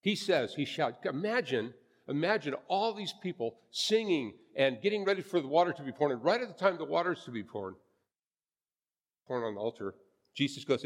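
A man's voice: fairly high pitch, very animated, fairly quick, big-room sound. A man preaching a sermon as a pastor, earnest and emphatic, repeating his phrases for weight.

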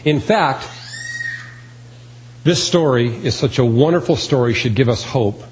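A man's voice: mid-range voice, measured pace, low-quality recording. A man preaching a sermon, earnest and emphatic, repeating key phrases. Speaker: pastor.

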